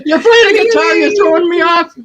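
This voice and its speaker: A man doing an impression of a jittery, fussy older male landlord in a high, stammering falsetto. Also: brisk, over a noisy crowd. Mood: flustered. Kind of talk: live-stream impression.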